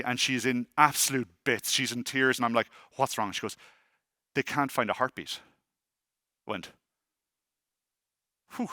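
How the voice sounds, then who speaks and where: A man, in his thirties or forties, giving a conference talk as an animated, self-deprecating storyteller who acts out the dialogue. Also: fairly high pitch, no echo, studio quality. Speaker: conference speaker. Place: conference hall stage.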